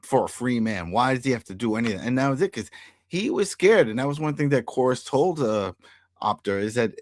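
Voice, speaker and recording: Animated man recapping a TV episode. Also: mid-range voice, fairly quick, dry recording, studio quality. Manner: animated, laughs often, hums filler sounds. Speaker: podcast co-host. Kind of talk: casual TV recap chat.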